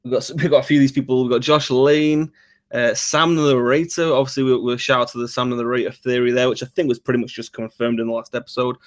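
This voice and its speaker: A man with a Mancunian accent reads out viewers' names as a livestream guest. He moves through the list quickly and drops brief asides between names. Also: mid-range voice, flat delivery. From Manchester, England. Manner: rapid roll call, brief asides. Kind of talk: reading chat names on a livestream.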